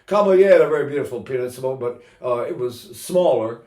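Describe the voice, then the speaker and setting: A man's voice: medium pitch, animated, fairly quick, a little mellow, reverberant. An older man teaching singing in a casual, rambling way, breaking into sung vowels to demonstrate.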